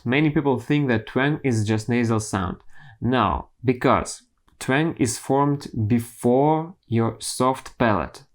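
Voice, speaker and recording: A man in the middle of a singing tutorial, talking through vocal technique in a deliberate, measured way. He keeps his pace slow and unhurried, with frequent pauses and small restarts as he works out how to phrase each point. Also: medium pitch. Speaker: singing teacher.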